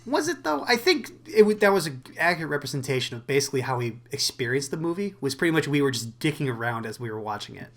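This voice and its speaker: A man's voice: on the high side, big pitch swings, quick pace, hardly any pauses, fairly bright tone. A young man co-hosting a podcast, rambling casually and laughing easily, a little wheezy. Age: young adult. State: wheezy from asthma. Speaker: podcast co-host. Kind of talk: casual chat.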